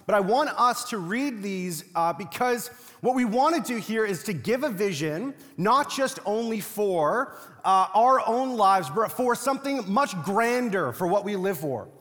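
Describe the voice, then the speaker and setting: A man's voice: high-pitched, expressive, measured pace, fairly bright tone, in a large hall. A young man preaching a sermon as pastor, talking in a loose, funny storytelling way. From Latino family. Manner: conversational, humorous storytelling preacher.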